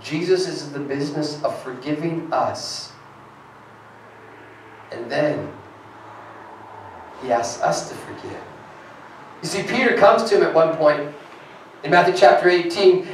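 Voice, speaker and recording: A man's voice: fairly high pitch, moderate pace, pauses often. A man preaching a sermon as pastor, earnest and rising to emphatic peaks as he reads scripture aloud. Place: church sanctuary. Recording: echoey hall from far off.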